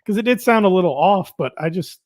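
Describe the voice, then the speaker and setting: A man's voice: high voice, expressive, fast talker, dry recording, studio quality. A man co-hosting a casual wrestling podcast, wry and teasing as he asks his friend questions. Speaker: podcast co-host.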